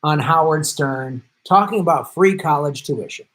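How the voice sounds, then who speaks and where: A man's voice: on the high side, moderate pace, fairly bright tone, rough recording. A man hosting a political commentary show, ranting with indignant sarcasm and emphatic repetition.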